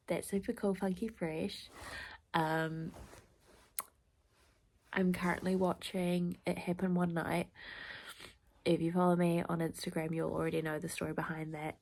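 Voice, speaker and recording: A young woman with a congested nose, chatting casually to camera in a hushed, rambling way full of fillers, indoors at night. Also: on the low side, level tone, unhurried, pauses often, slight background noise. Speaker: vlogger. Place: indoors at a relative's home at night.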